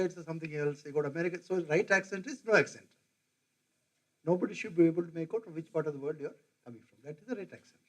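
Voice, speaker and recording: A man's voice: high voice, low-quality recording. An older man gives a conversational classroom lecture, quizzing his audience. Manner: conversational, quizzes the audience, mimics regional accents. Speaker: professor lecturing.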